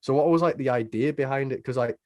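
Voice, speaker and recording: A man's voice: mid-range voice, fast, dark tone, dry recording. A man hosting a podcast in casual chat, full of filler words. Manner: chatty, heavy on filler words. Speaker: podcast host.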